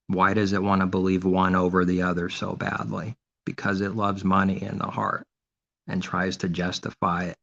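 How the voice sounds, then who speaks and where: In a deep voice with vocal fry, a preacher talks through an informal sermon with flat delivery at a moderate pace. He answers his own rhetorical questions, frequently in a mocking, sarcastic way. The audio is dull and lo-fi.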